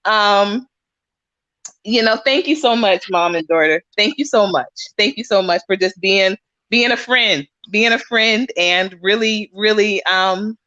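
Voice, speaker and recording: Bright, chatty woman streamer. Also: medium pitch, a little slow, no room sound, highs cut off. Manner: chatty, repeats phrases, says y'all. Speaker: livestream host. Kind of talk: casual livestream chat.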